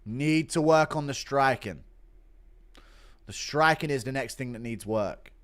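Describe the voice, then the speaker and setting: A male streamer giving loud, profane play-by-play while he reacts to a fight and reads chat. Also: medium pitch, a little slow. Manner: excitable, profane, loud bursts. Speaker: streamer host.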